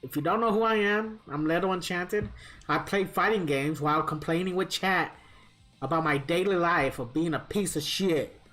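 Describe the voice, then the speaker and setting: A man's voice: a little high, moderate pace, bright, forceful tone, soft background music. A man live-streaming a fighting game, chatting casually with viewers in a rambling, profane storytelling manner.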